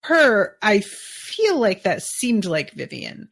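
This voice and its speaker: A woman's voice: medium pitch, huge pitch swings, slow, creaky, a bit bright. A woman hosting a podcast, chatting casually through an episode recap, musing and thinking aloud with lots of fillers. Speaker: podcast host.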